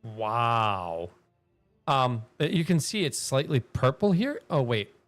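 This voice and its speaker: A man's voice: mid-range voice, expressive, slow pace, faint music behind. A man giving casual live-stream commentary while playing a game, rambling, swearing freely and laughing often.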